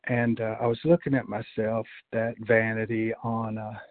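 A man sharing his recovery story at a support meeting, halting, with many fillers and restarts. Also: on the low side, monotone, dry recording. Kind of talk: personal recovery share. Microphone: video call. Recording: tinny phone-like call audio.

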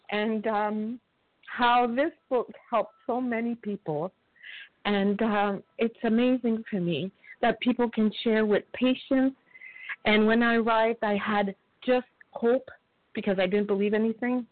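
A woman's voice: medium pitch, no echo. A woman shares her recovery story with feeling, now and then acting out the voices in a story she tells. She is heard over a tinny phone line, and the sound is dry with no room around it. Her voice sits in a middling range. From Montreal. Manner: heartfelt, acts out voices in a story. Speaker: meeting member sharing. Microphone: phone call.

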